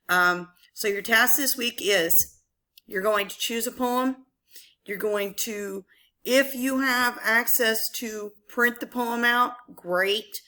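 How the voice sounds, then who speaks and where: Slow, patient woman teacher. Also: medium pitch, pushed and bright. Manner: patient, explanatory, many ums. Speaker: English teacher. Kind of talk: recorded online lesson.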